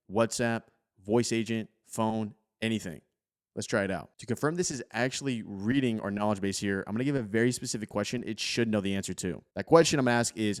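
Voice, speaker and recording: A man with a fairly low voice talks through a software tutorial over his screen recording. His delivery is relaxed and chatty, full of casual fillers like "like.". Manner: relaxed, conversational, peppered with "like". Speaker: tech tutorial host.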